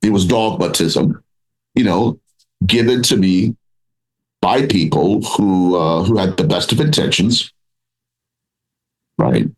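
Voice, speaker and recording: A man speaking as a guest in a podcast interview, animated and rambling with restarts, acting out quoted voices as he talks. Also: deep voice, slow pace, pauses often, rough recording. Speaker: paranormal researcher and author, podcast guest. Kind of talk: conversational interview.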